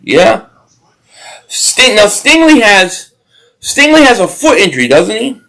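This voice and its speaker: A man hosts a casual football watch-party stream. His voice sits high for a man. He rambles through viewer comments and game reactions, often restarting his sentences. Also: sing-song, slow, gravelly, fairly bright tone, rough recording.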